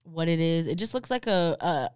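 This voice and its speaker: A woman's voice: sits low, expressive, moderate pace, a little mellow, smooth, no room sound, studio quality. A woman co-hosting a casual podcast, reading fair food descriptions aloud with playful asides and easy laughter. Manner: reads menu blurbs aloud with playful asides, laughs easily. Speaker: podcast co-host.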